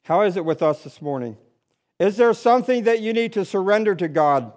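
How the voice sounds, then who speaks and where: A male pastor preaching with a high-pitched voice. He swings between loud, urgent appeals and hushed, low asides. His phrases repeat in a steady preaching cadence. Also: fairly quick. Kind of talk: sermon.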